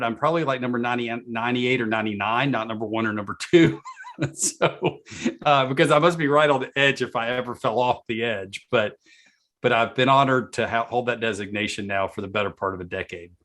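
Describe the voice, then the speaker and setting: Man, slight Southern accent, podcast guest, easygoing, self-deprecating, pausing with "uh". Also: medium pitch, a bit bright. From Georgia. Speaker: guest, author and speaker. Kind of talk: casual interview answers.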